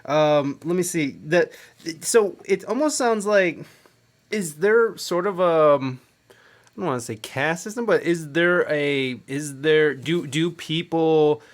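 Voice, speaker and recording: Host: man, blunt and loose, swearing, slightly high voice, casual chat. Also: takes it slowly. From Mexico, half Mexican heritage. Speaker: podcast host.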